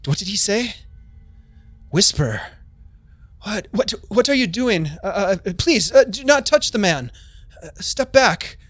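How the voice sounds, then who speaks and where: A man's voice: high-pitched, lively intonation, slow pace, pauses often, a bit bright, no echo, pitched above the performer's own voice, full character voice. A man voicing a nervous, flustered guard who stammers in alarm.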